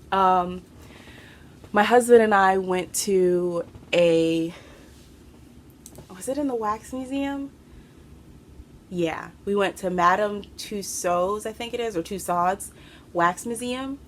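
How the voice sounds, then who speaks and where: A woman hosting a craft podcast from home, chatting to camera in an excitable, rambling way and a little out of breath. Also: medium pitch, slow, pauses often. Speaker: podcast host. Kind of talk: casual chat to camera. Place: home room.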